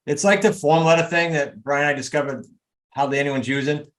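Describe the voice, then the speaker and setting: A man coaching a group on a video call, talking in an emphatic, motivational way with quick asides. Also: a little high, fairly even intonation. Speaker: real estate coach.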